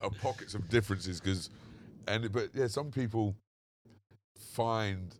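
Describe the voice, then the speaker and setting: A man with a London English accent, chatting casually and telling animated stories in a park. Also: fairly low pitch, a little slow. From England. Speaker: podcast co-host. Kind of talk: casual chat. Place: outdoors in a park.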